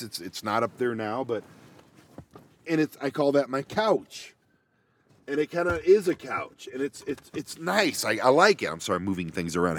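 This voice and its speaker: A man chatting casually and rambling with goofy self-mocking asides, recorded on a laptop inside a parked minivan. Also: mid-range voice. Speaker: vanlife vlogger. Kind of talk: casual solo chat. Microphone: laptop microphone.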